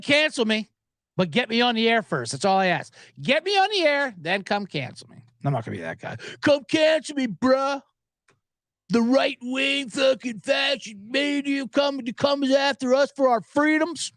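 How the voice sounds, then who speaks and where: A man's voice: high-pitched, a bit bright, dry recording. Male betting-podcast host, rambling and jokey, dry close sound. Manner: rambling, joking, gets worked up. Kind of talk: casual sports betting podcast.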